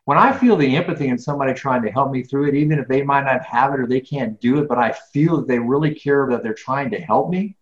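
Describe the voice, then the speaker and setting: A middle-aged interview guest talks quickly in a medium pitch, barely pausing, emphatic and full of restarts and repeated words in a conversational exchange. The recording is echoey and has a dull lo-fi quality.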